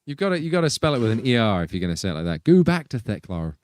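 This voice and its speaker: A man's voice: mid-range voice, racing, clean tone, dry recording, studio quality. A man hosting a band's livestream, reading out viewers' messages in a casual, upbeat way. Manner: lively, upbeat, reads names in bursts. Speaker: band member hosting a livestream.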